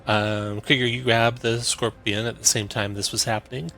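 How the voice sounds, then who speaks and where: A man's voice: medium pitch, flat delivery, normal speed, pushed and bright. A man running a tabletop game as game master, calling turns with easygoing fillers over a voice call.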